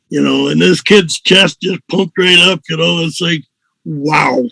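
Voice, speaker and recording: A man's voice: fairly high pitch, measured pace, creaky, sharp tone, dry recording, poor audio. An older man, a musician and host, telling a story in a rambling, chuckling way with many fillers. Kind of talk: casual storytelling.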